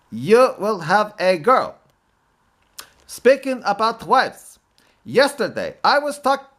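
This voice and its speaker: A man's voice: high-pitched, fairly bright tone, heavily acted. A man doing a griping stand-up comic in a mock Arabic accent. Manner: punchline delivery, catchphrase complaints. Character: put-upon male stand-up comic, self-pitying. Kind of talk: comedic stand-up impression.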